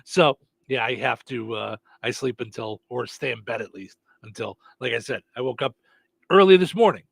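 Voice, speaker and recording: A man's voice: mid-range voice, normal speed, vocal fry, slightly rough, no room sound. A man hosting a morning radio show, chatting casually with lots of fillers and restarts. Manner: rambling, many fillers and restarts.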